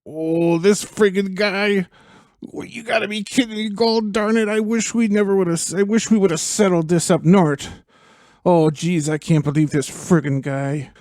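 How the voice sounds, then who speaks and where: A man's voice: high-pitched, steady tone, normal speed, darkish tone, no echo, clean studio sound, voice pushed up, natural voice. A man voicing a fed-up, folksy warrior king in a comic radio drama, grumbling and blustering.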